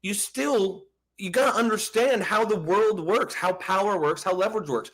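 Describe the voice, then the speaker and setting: A man's voice: high voice, normal speed, a bit bright. A man hosting a casual political talk show, stammering and swearing as he argues, laughing often. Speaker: podcast host.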